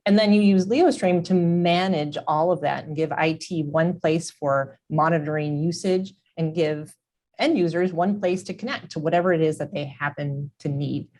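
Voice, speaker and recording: A woman executive answers interview questions and explains her company's approach fluently. Her voice is notably low for a woman. She sounds steady and assured. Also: normal speed. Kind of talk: tech business interview.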